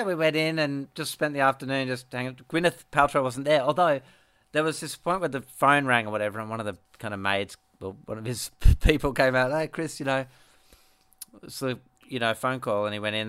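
A man's voice: medium pitch, brisk, a bit bright, clear, resonant tone, no room sound. A middle-aged man, a musician co-hosting a casual chat, telling a rambling story with frequent laughs and restarts. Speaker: podcast co-host, musician.

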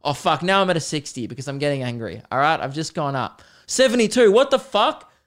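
A man's voice: mid-range voice, animated, fast, fairly bright tone. A young man hosting a solo podcast, ranting with lots of swearing and bursts of laughter. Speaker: podcast host.

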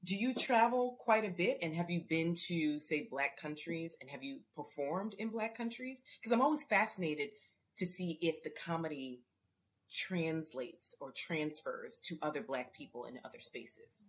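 Lively low-voiced woman podcast host. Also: normal speed. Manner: lively, explanatory questioning. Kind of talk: interview and quiz hosting.

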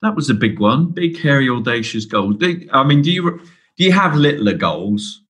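A man's voice: mid-range voice, big pitch swings, normal speed, fairly bright tone, breathy edge. A man hosting a podcast, chatting casually in a hesitant way, with jokes and many repeated words. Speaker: podcast host. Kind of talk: casual interview chat.

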